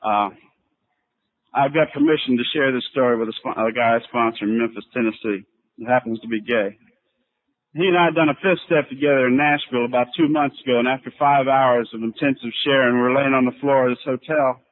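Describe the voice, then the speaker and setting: A man's voice: mid-range voice, brisk, narrow, tinny audio. A middle-aged man speaking at a recovery convention, plain-spoken and storytelling with casual fillers, on an old 1989 tape. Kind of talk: personal recovery talk.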